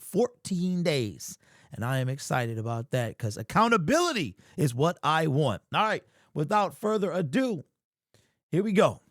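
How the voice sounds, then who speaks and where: A man hosting a sports fan vlog, talking in casual, animated commentary with slangy, emphatic exclamations. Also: on the high side, no room sound, clean studio sound. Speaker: sports fan channel host.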